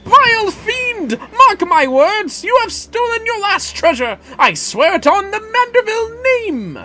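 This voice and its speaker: Woman doing a pompous old-timey gentleman hero from a game, slow and grand, bright and swoopy. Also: extremely high pitch, big pitch swings, voice pushed up, exaggerated voice. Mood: indignant. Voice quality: grandiloquent, old-fashioned speech. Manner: slow, declamatory delivery. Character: pompous, theatrical male gentleman adventurer. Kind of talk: dramatic reading of game lines.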